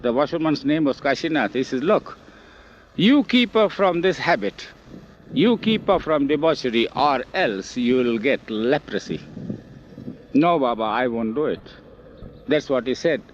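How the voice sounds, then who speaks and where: An older man telling memories in an oral history interview, animated and acting out the quoted speech, recorded outdoors on old film. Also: medium pitch, unhurried, slight background noise. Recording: dull lo-fi 1970s film audio.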